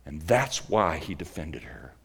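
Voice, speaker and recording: A man preaching a sermon, retelling a story with dramatic swings between loud emphasis and hushed near-whispers. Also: a bass voice, very animated, a little slow, creaky, slightly rough. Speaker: pastor.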